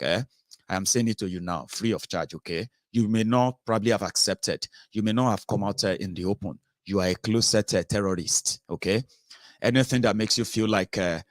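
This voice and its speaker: A man's voice: on the low side, no room sound, studio quality. A man with a Yoruba Nigerian accent hosting an opinionated political monologue, emphatic and rhetorical, with lots of "uh" fillers and tag questions. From southern Nigeria. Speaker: political commentary host.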